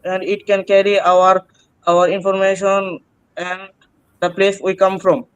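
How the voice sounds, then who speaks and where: A man answering oral exam questions, halting and hesitant with many pauses and restarts. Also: high-pitched, flat delivery, clean tone, dry recording, lo-fi sound. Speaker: student taking an oral exam.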